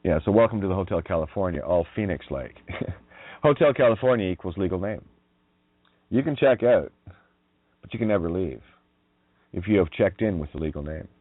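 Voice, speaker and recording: Deep-voiced man rambling over a phone line. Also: expressive, moderate pace, pauses often, no echo. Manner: rambling, laughing often, wordplay riffs, profane. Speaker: radio host. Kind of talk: rambling monologue.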